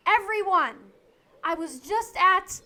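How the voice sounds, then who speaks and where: A woman's voice: extremely high pitch, lively intonation, slow, pushed and bright, heavily acted. A woman voicing a practical young assistant who speaks dryly and matter-of-factly in an amateur fan dub. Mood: deadpan. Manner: dry, matter-of-fact.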